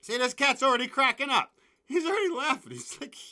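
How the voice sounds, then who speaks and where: A man hosting his own show, ranting at his listeners in a profane, rambling, excitable way full of asides. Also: very high-pitched, a little fast. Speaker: podcast host.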